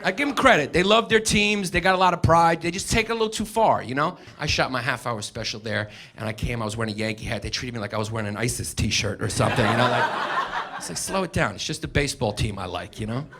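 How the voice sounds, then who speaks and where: A man's voice: mid-range voice, fast, pushed and bright. A man doing a brash, profane stand-up set on a club stage with a handheld mic. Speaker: stand-up comedian. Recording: live audience laughter and hiss.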